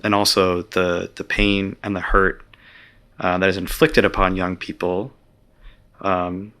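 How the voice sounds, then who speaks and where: Low-voiced man, bright and reflective. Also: flat delivery, a little slow, clean tone. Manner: reflective, earnest, with fillers. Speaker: author and interview guest. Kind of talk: conversational interview.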